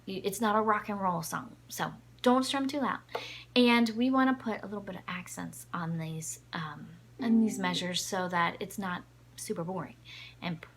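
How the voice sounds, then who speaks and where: A woman teaching a ukulele lesson, patiently counting the beats aloud. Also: medium pitch. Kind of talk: music lesson. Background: ukulele playing.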